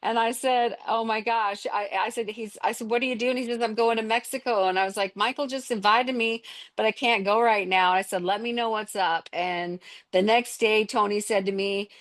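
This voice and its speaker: A middle-aged woman on a video call, gushing with excitement as she shares her business success. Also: fairly high pitch, no echo. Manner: gushing, enthusiastic, fast-talking. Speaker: distributor sharing her success.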